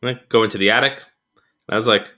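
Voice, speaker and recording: A man's voice: fairly low pitch, fast. A man co-hosting a podcast, casually telling a story and chuckling as he goes. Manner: animated storyteller who chuckles through anecdotes. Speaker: podcast co-host.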